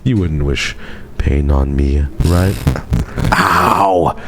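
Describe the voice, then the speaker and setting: A man's voice: a bass voice, moderate pace. A young man chatting casually with his live-stream audience in a playful, teasing, dramatic way.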